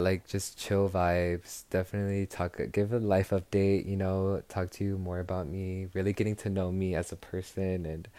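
A man's voice: low voice, dark tone, no echo. A young adult man hosting his own podcast in a casual, chatty way, gushing and filling his talk with "like" and "girl". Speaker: podcast host.

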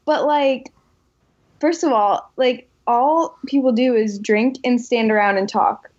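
A young woman tells her story in a lively, chatty way, scattering "like" through her sentences. Her voice sits fairly high. The sound is slightly dull and muffled. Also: a little slow. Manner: animated storytelling with many likes. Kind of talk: casual chat.

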